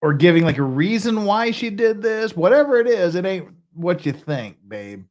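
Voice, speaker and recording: Joking, animated man from Utah. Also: high voice, normal speed. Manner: joking, sarcastic, laughs often. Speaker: host commenting on police footage. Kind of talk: live-stream commentary.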